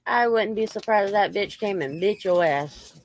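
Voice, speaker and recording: A woman's voice: medium pitch, animated, moderate pace, no echo. Woman. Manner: coarse, chatty, scolds and coos at dogs. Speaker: vlogger talking to her dogs. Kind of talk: casual chat with pets. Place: home with dogs around.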